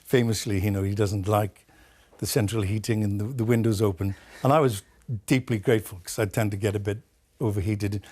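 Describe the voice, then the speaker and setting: A Welsh-born man speaking as a studio guest in a broadcast interview, telling a story with many pauses and fillers. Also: lowish voice, fairly even intonation, a little mellow. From Wales.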